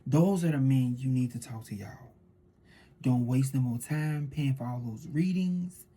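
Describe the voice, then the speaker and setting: A woman tarot reader in a casual spiritual monologue, fervent and preachy, swinging between loud declarations and hushed asides. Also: a bass voice, a little slow, husky.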